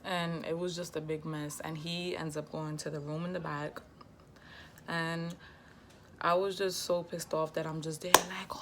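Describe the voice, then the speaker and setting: A young woman telling a personal story on her vlog in a slangy, heated, lively way. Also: sits low, measured pace, very noisy. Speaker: vlogger. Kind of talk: casual storytime.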